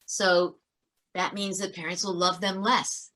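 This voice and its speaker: A middle-aged woman, once a teacher, tells stories as a podcast guest in a voice on the low side at a measured pace. She's earnest and animated, often restarting her sentences.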